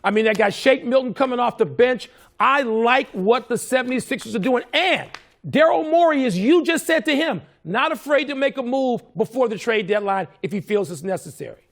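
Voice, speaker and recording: A man arguing his pick on a sports debate show, firm and measured. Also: very high voice, animated. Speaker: sports analyst.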